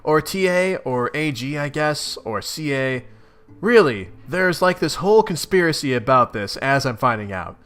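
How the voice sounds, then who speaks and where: A man's voice: a little high, lively intonation, moderate pace, fairly bright tone, smooth, faint music behind. A man voicing a cheerful, cryptic young female troll. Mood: chipper.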